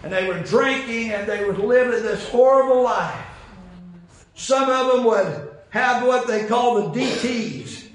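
A man preaching a sermon, telling a folksy story with repeated phrases and building to impassioned shouted climaxes. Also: very high-pitched, a little slow. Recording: very echoey room with faint noise.

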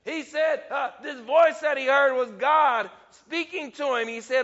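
A man preaching a sermon, emphatic, rising to near-shouts and then dropping low. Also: a little slow, long reverb tail, highs cut off.

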